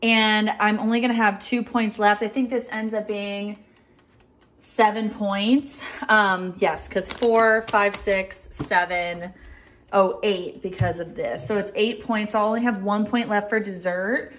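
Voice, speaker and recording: Speaking at a measured pace with fairly even intonation, this woman in her thirties has a medium-pitched, fairly bright voice. She's a chatty, bubbly food vlogger talking casually to her audience, recording on her own camera or phone from a drive-thru in her car and later at home in the kitchen.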